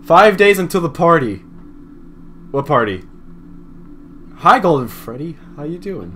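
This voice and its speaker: Young man, let's play host, nervous, talks to the game, bright tone. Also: fairly high pitch, very animated, unhurried, slight background noise. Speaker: gaming channel host.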